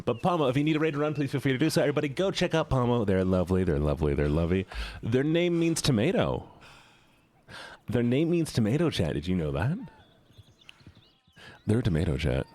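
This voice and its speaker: Excitable male game streamer, lively pitch. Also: brisk. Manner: excitable, greets viewers warmly, swears when startled. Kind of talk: casual live-stream chat while gaming.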